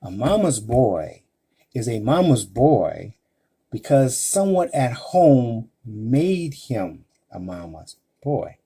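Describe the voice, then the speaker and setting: A man's voice: mid-range voice, big pitch swings, slow, mellow, slightly rough. A man hosting a live-stream advice talk, speaking emphatically to women listeners and asking rhetorical questions. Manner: addresses women listeners directly. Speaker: relationship advice host.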